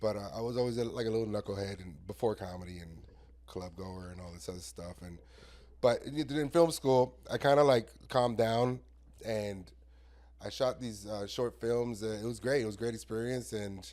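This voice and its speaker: A man's voice: on the low side, moderate pace, darkish tone. A man from Miami, a stand-up comedian guesting on a podcast, chatting in a loose, sarcastic, joking way. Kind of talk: casual podcast chat.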